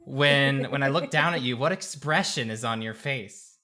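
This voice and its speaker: A man playing a tabletop role-play game, musing aloud with hums and pauses as he describes his character's moves. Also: medium pitch, pushed and bright. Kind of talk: casual role-play chat.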